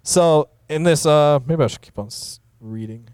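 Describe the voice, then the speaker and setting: A man teaching scripture in an easygoing, conversational manner, often pushing his voice up to stress a point. His voice is smooth and clear, at an ordinary pitch. The sound is dry and close, with little room echo. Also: moderate pace, darkish tone. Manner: conversational, many fillers, rising for emphasis. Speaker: pastor. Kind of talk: casual Bible teaching.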